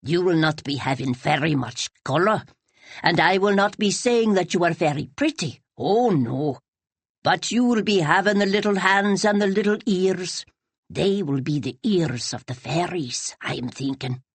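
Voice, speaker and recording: Woman reader doing a stately elderly widow in an audiobook, low and measured, dry close read. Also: slightly rough, no echo. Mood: firm. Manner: slow, measured, formal speech. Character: stately old Highland widow, proud, formal.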